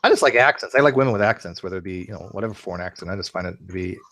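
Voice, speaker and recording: A man's voice: deep voice, fairly bright tone, no echo. A man rambling and repeating himself in a casual group video chat. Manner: rambling, fast, repeats words.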